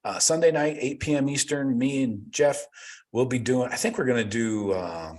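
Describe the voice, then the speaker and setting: A man's voice: medium pitch, moderate pace, a little mellow. A man hosting a casual livestream, reading live chat comments aloud and rambling about them with loose, swearing banter.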